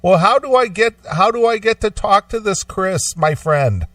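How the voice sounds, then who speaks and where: Man doing a high, sing-song Indian-accented telemarketer, slow and syrupy-friendly, heard from off-mic. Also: animated, a bit bright, dry recording, recorded from a distance. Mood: pushy, friendly. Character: overly friendly male telemarketer, pushy.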